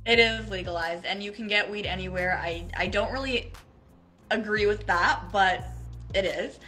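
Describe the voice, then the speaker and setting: Woman, from Israel, bright tense tone, animated storytelling, lots of likes. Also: mid-range voice, moderate pace, faint music behind, rough recording. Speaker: interview guest. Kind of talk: casual video-call chat.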